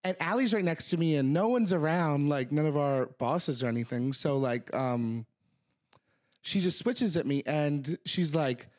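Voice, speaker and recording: A young man co-hosting a podcast, telling a story in casual, profane, animated chat. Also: fairly high pitch, measured pace. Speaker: podcast co-host.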